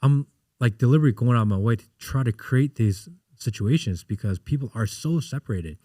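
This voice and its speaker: A man in his thirties, a podcast guest, chatting casually and telling animated stories in which he acts out what people said. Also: medium pitch, a little fast, no room sound, studio quality. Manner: animated storyteller, acts out quotes. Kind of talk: casual interview chat.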